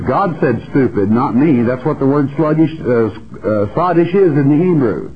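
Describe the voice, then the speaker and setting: A male Bible teacher speaks to his broadcast audience in a blunt, folksy, emphatic way. His voice sits at an ordinary middle pitch. The recording is dull and lo-fi, like an old broadcast. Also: expressive, normal speed, a crowd in the background.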